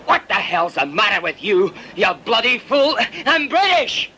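A gruff sergeant. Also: male voice, mid-range voice, big pitch swings, normal speed, pushed and bright, a little hiss or hum. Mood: shouting. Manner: blunt, swearing. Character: gruff Scottish army sergeant. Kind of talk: film dialogue.

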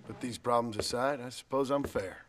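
A man's voice: mid-range voice, fairly quick, close to an everyday voice. An actor playing a dry, world-weary frontier gunman who speaks tersely.

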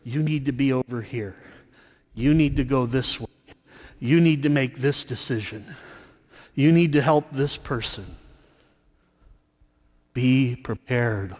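A man preaching in a large church, his voice trailing into a long reverb. He tells his story at an unhurried, deliberate pace, often pausing with fillers and restarting sentences. His pitch sits in an ordinary middle range. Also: darkish tone. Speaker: priest. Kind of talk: sermon.

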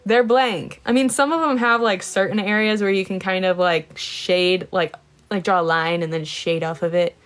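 A woman's voice: medium pitch, steady tone, normal speed. A woman chats loosely on a live stream as she shows her coloring pages. She greets viewers by name, swears casually, and giggles now and then. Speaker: livestreamer. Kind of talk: casual livestream chat.

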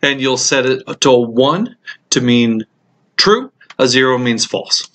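A man's voice: medium pitch, unhurried. Man teaching code walkthrough, hiccupy. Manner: relaxed, explanatory, frequent ums and uhs. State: has the hiccups. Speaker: computer science instructor. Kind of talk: screencast code walkthrough lecture.

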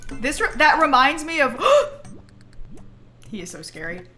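High, bright, giggly young woman streamer. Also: slow, soft background music. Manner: giggly, excitable, laughs often. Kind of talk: casual game stream chat. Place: home room.

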